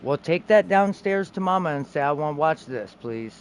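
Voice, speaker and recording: A laid-back young man talks loosely on a game stream, trailing off and cursing now and then. His voice sits a touch high, and a faint hum of background noise runs under it. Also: a little fast. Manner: laid-back, swears casually, trails off mid-sentence. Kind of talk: casual gaming stream chat.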